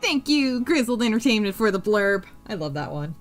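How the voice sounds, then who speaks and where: A woman's voice: medium pitch, very animated, normal speed, faint music behind. Woman, West Coast accent, crochet streamer, giggly, swears, counts stitches aloud. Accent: US Pacific Coast. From US Pacific Coast. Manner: giggly, swears freely, counts stitches under her breath. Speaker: crochet livestream host. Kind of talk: casual chat while crocheting, reading chat aloud.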